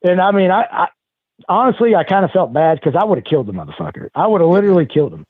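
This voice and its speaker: A man's voice: high voice, big pitch swings, quick pace, no echo. A man telling heated backstage stories in a casual chat, swearing constantly and rambling. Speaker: podcast guest. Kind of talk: casual storytelling. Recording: tinny phone-like sound.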